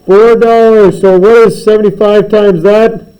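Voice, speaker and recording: A man's voice: high-pitched, steady tone, measured pace, mellow, low-quality recording. A man teaching a math class, spinning playful, teasing story problems about his students.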